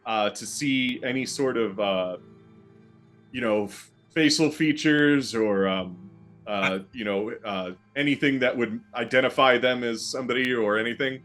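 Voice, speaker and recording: A man runs a tabletop horror game as game master, with a voice pitched right in the middle of the usual range. His narration rambles along loosely, with many ums and restarts. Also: measured pace, fairly bright tone, faint music behind.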